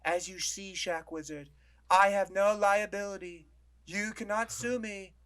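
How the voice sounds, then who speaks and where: A man's voice: high-pitched, fairly even intonation, measured pace, fairly bright tone, smooth, pitched above the performer's own voice. A man voicing a smug, pompous male corporate spokesman who waves off any blame. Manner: pompous, dismissive.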